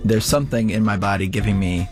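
A man's voice: fairly low pitch, fast. A man giving a hesitant, confessional account, repeating himself as he searches for words. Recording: dry close recording, faint guitar.

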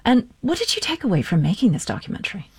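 A woman host moderating a panel discussion, putting brisk questions to her guests. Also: medium pitch, big pitch swings, darkish tone, slightly rough, no room sound, studio quality. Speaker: show host.

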